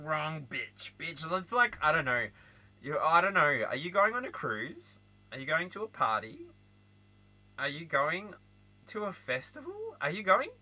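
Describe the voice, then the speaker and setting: An Australian man giving a casual tarot reading, chatty and animated, with frequent laughter and asides. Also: fairly high pitch, rough recording. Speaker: tarot reader.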